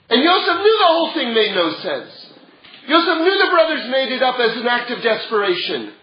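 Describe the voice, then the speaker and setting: High-voiced man teaching a Torah class. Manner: conversational, builds to emphatic. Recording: roomy, dull lo-fi sound.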